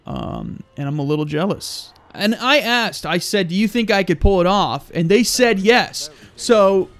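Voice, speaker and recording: A young man giving loud, crude, excitable commentary while playing a video game. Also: high-pitched, a little slow. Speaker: gaming YouTuber. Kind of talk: let's play commentary.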